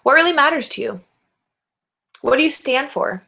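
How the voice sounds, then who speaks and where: Talking by herself to a camera, a middle-aged woman life coach has a high-pitched, expressive, gravelly voice with a sharp tone and a moderate pace. She offers encouragement and peppers listeners with rhetorical questions capped by "right?".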